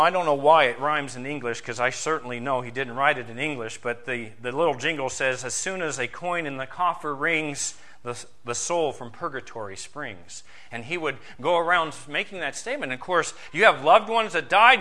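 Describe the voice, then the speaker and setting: A man preaching a sermon as pastor, emphatic and slowing down to stress key points. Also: sits high, sharp tone.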